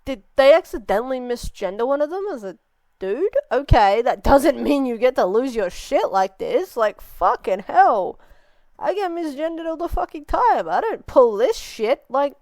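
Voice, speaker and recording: A woman's voice: sits high, lively intonation, moderate pace, darkish tone, dry recording. A young woman hosting a reaction video, ranting and swearing in exasperation. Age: young adult. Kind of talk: casual reaction commentary.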